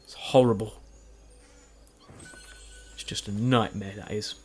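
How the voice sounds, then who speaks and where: A fairly low, slightly rough and somewhat mellow voice moves slowly and evenly as this gaming YouTuber records commentary over a video game after playing. Tired and yawning in the late night, he meanders, belittles himself, and restarts often amid fillers.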